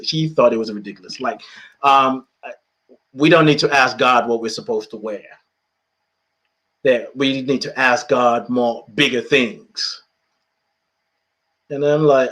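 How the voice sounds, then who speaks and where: A man's voice: mid-range voice, normal speed, a bit bright. A man from the United Kingdom hosting a podcast, talking reflectively about spirituality, repeating phrases and chuckling often. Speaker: podcast host.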